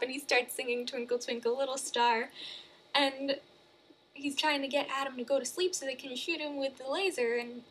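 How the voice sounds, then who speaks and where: High-voiced chatty woman recapping a movie. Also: a little hiss or hum. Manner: chatty, animated, many fillers and self-corrections. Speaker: movie reviewer.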